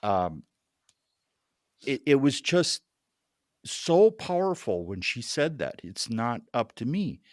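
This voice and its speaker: A man telling a deeply personal story as a podcast guest, earnest and halting, often repeating words as he restarts. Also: very animated, a little mellow, no echo, studio quality.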